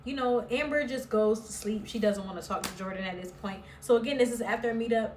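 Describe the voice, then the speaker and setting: A woman's voice: fairly high pitch, quick pace, a little mellow, a little hiss or hum. A woman chatting bluntly and sassily as she recaps a reality show, swearing freely. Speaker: recap vlogger. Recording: roomy echo, somewhat far from mic.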